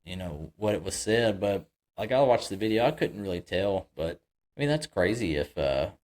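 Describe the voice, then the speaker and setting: A man's voice: deep voice, lively intonation, moderate pace, darkish tone. A man co-hosting a casual podcast chat, talking loosely with lots of fillers and agreeing easily. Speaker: podcast co-host.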